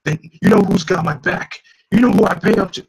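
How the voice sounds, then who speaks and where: A man doing a loud, blustering drug dealer. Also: creaky, breathy edge, exaggerated voice, poor audio. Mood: boastful. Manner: loud, high and drawn-out. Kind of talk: comic read aloud.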